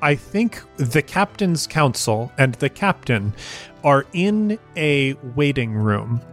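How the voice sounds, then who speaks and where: A man's voice: mid-range voice, big pitch swings, slow pace, fairly bright tone, faint music behind. Man narrating as game master. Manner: descriptive, cinematic narration with many fillers.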